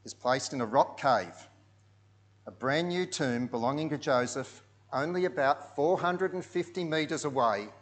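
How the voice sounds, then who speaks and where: A man telling a story in a sermon over pictures, dropping into hushed tones and then rising loud and dramatic. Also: mid-range voice.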